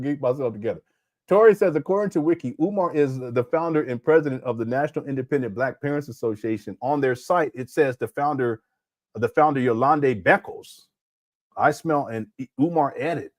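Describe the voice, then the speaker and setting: A man's voice: fairly high pitch, darkish tone, no echo, clean studio sound. A man hosting a critical livestream commentary, reading chat aloud and breaking into laughter, his throat sore. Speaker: commentary host.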